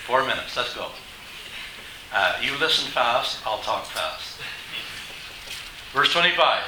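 A man's voice: medium pitch, big pitch swings, takes it slowly, recorded from a distance, noisy background. A man preaching a sermon to his congregation, emphatic and asking them rhetorical questions. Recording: echoey hall.

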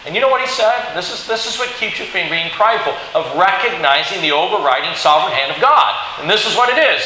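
A man preaching a sermon, telling a Bible story in an animated way and acting out the quoted lines. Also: a little high, fast talker, few pauses. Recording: very echoey hall with faint hiss.

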